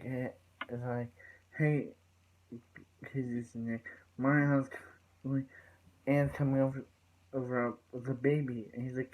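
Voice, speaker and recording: A man's voice: medium pitch, poor audio. A man giving a loose, rambling recap of a TV episode as a reviewer, with lots of "so yeah" fillers as he paraphrases what the characters say. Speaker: TV show reviewer.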